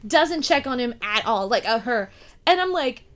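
Bright, high-pitched woman chatting animatedly. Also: normal speed. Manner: animated, swearing, acting out quotes. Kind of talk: casual chat reviewing a movie.

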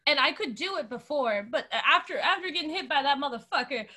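A woman co-hosting a podcast, telling a story in a loud, laughing, animated way, swearing and acting out the voices. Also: sits high, fairly quick. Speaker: podcast co-host. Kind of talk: animated storytelling in casual chat.

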